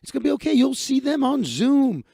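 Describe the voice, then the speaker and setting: A man putting on the voice of a cheery, generous stranger who offers food to everyone, loud and eager, repeating himself. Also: very high voice, sing-song, brisk, creaky, husky, no echo, studio quality, voice pushed up, exaggerated voice. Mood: soothing.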